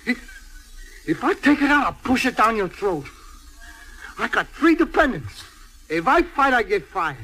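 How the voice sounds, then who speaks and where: A man's voice: very high-pitched, big pitch swings, unhurried, long pauses, bright, forceful tone, faint music behind, full character voice. An actor playing an emotional truck driver man who stammers and pleads. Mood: defiant. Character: tearful hot-tempered Italian-American truck driver man. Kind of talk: stage or film drama acting.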